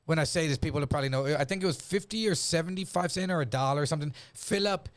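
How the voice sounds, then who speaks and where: Animated man telling a profane story. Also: on the high side, very fast. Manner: animated, profane, acts out voices in his story. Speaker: comedian guest. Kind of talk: casual storytelling.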